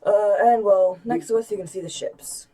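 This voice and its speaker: A man's voice: high voice, fairly even intonation, moderate pace, mellow. A man co-hosting a casual chat, joking, teasing and laughing often. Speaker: co-host.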